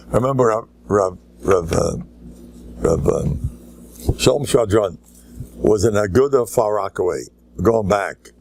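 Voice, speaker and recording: An older American man from Lakewood, a rabbi giving a humorous Torah lecture, joking and animated, mixing Yiddish and Hebrew words into his talk. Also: fairly low pitch, gravelly, dry recording.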